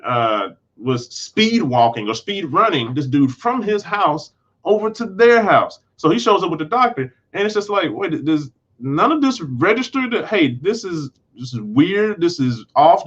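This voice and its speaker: A man's voice: on the high side, very animated, measured pace, fairly bright tone, slightly rough, highs cut off. A man casually recapping and reviewing a TV episode, rambling with lots of fillers and acting out characters' lines in a loose, slangy way. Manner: rambling, full of fillers like "you know" and "like". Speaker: film and TV reviewer.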